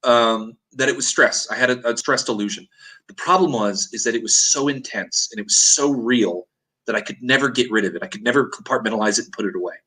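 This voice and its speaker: Man, bright forceful voice, earnest dramatic storyteller, mid pitch. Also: a little fast, poor audio. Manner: earnest, dramatic retelling with acted-out quotes. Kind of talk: intense personal storytelling.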